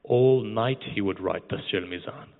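A man's voice: lowish voice, normal speed, creaky. A male preacher giving a mourning sermon, speaking directly to the congregation and guiding them through an imagined scene. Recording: tinny, phone-like sound with long hall reverb.

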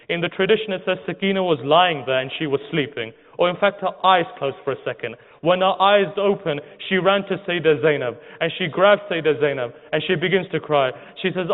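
A man's voice: a little high, brisk, hardly any pauses. Mournful male preacher, tinny hall sound. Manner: dramatic, mournful, asks the audience rhetorical questions. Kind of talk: emotional religious sermon storytelling.

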